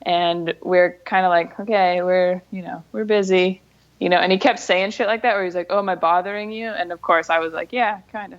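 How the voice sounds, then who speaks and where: A woman co-hosting a casual podcast, telling a bar anecdote in a relaxed way and laughing easily. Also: on the low side, normal speed, muffled recording. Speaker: podcast co-host. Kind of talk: casual chat.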